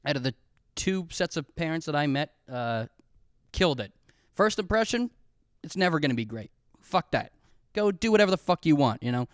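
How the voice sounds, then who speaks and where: A man's voice: fairly high pitch, very animated, normal speed, pauses often, dry recording, clean studio sound. A man hosting a casual solo podcast, telling rambling, profane, self-mocking stories. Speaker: podcast host.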